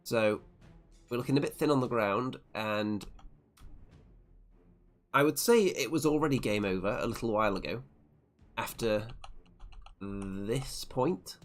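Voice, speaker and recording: A man's voice: medium pitch, measured pace, long pauses, faint music behind. A man narrating a tabletop wargame tournament report turn by turn, with a wry, self-deprecating play-by-play manner. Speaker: tabletop wargame channel host.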